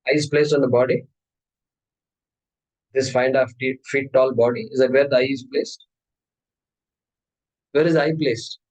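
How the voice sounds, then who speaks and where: A man's voice: mid-range voice, moderate pace, long pauses, low-quality recording. A man giving a spiritual discourse as teacher, asking his listeners question after question. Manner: questioning, animated. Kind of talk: Vedanta discourse.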